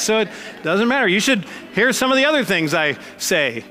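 High-voiced joking pastor preaching in a hall. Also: male voice, big pitch swings, moderate pace, sharp tone. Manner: conversational, joking, emphatic. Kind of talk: sermon.

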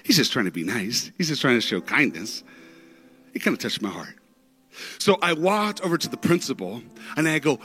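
A man preaching a sermon through stories, dramatic, with big swings in pitch and loudness. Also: big pitch swings, normal speed, soft background music. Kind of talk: sermon storytelling.

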